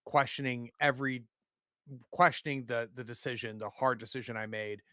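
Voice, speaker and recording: A man's voice: medium pitch, fairly even intonation, moderate pace, pushed and bright, smooth, dry recording, clean studio sound. A man playing a tabletop game, thinking aloud about his character's choices. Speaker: player. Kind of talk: tabletop role-play.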